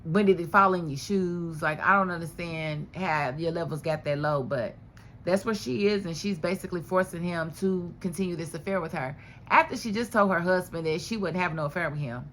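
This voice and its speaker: A woman giving a casual, chatty recap of a TV drama episode, animated and full of rhetorical questions. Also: lowish voice, brisk, a little hiss or hum. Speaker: TV show reviewer.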